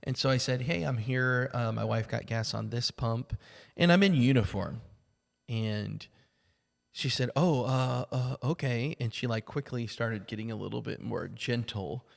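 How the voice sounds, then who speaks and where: A man with a gravelly, creaky voice tells a personal story as a church podcast co-host, ambling through it with lots of "like" and "you know." His voice sits at an ordinary middle pitch. It rings out with a long, hall-like reverb behind it. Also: moderate pace. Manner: relaxed, rambling telling with many fillers. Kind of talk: casual storytelling conversation.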